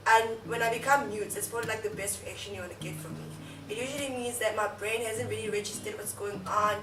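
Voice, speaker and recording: Fast and steady at a medium pitch, a young YouTuber with a South African accent relays a story chattily, laughing and using fillers often. The mic is distant, the room echoes, and faint music plays.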